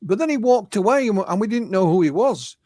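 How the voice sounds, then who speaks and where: High-voiced English man telling stories. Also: expressive, fairly quick, mellow, dry recording, studio quality. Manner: recounts witness stories, quoting them in his own voice, with many fillers and restarts. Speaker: interview guest, UFO researcher. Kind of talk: conversational storytelling.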